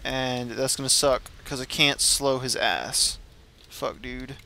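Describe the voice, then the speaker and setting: Give me a man cursing through his gameplay commentary, annoyed and boastful, with a bright, edgy voice. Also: mid-range voice, steady tone, takes it slowly, gravelly, slight background noise. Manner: frustrated, vulgar, trash-talking. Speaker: gamer.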